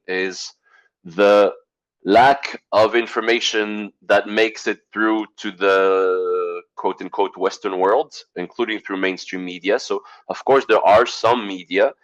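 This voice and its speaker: A man giving an online presentation over a video call, halting with fillers and clearing his throat as he loses his voice. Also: fairly low pitch, fairly bright tone, rough recording. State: losing his voice.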